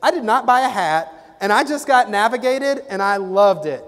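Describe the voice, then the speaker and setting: High-voiced man giving a keynote. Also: normal speed. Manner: animated, acts out dialogue. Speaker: keynote speaker and sales trainer. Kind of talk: keynote speech with storytelling. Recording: reverberant hall.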